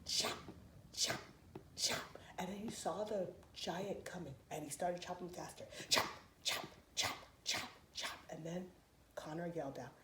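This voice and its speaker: A woman telling a story to preschoolers in an expressive, playful, sing-song way. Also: fairly low pitch, unhurried, noisy background. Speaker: children's storyteller. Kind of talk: animated preschool story time. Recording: roomy echoey room, faint ambience.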